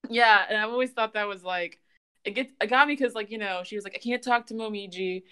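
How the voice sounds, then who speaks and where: A woman hosting a casual podcast, retelling scenes in an animated way and laughing often. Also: medium pitch, quick pace, clean tone. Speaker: podcast host. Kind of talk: casual chat, recapping an anime.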